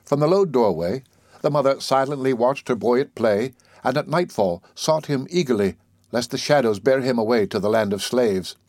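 Male audiobook narrator, mid-range voice, expressive measured delivery, dry booth sound. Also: medium pitch, no echo. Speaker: audiobook reader. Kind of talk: scripted narration of literary prose.

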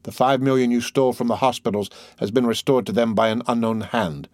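A man voicing a solemn, vengeful nobleman with a deep voice, speaking slowly and gravely in an audiobook. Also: steady tone, darkish tone, no echo, clean studio sound, lightly acted. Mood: commanding. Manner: solemn, slow. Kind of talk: audiobook character voice.

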